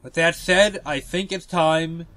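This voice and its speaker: A man's voice: fairly high pitch, steady tone, slow, pushed and bright. A man giving casual, joking commentary over a video game walkthrough. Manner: chatty, joking, self-deprecating. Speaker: let's play host.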